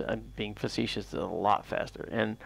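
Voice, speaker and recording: A man hosts a late-night astronomy livestream in a chatty, rambling way, full of fillers as he explains. His voice has a gravelly texture and sits at a middle pitch. The sound is dry and close. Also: fairly even intonation, moderate pace, no echo, low-quality recording. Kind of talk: casual live-stream talk. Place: outdoors at night by a telescope.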